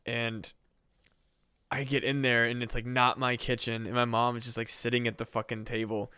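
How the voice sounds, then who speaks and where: A man rambles through a story on a casual comedy podcast, leaning hard on fillers and swear words. His voice sits at an ordinary middle pitch. It is recorded close and dry, with no room sound. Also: flat delivery, moderate pace, sharp tone, clear, resonant tone, no room sound. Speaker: podcast co-host.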